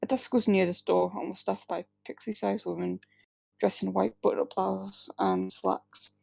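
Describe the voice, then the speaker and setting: A woman's voice: medium pitch, fairly even intonation, normal speed, gravelly, darkish tone, dry recording, poor audio. A woman reading her own first-person fiction aloud at a live reading, with small slips and restarts. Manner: plain reading with slips and restarts, few distinct character voices.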